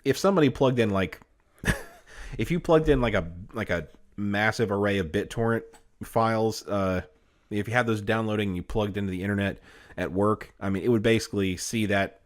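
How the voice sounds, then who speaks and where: A man's voice: fairly low pitch, normal speed. A man co-hosting a comedy podcast, chatting casually with lots of fillers, restarts and frequent laughter. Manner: laughs often, rambling with many fillers. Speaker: podcast co-host.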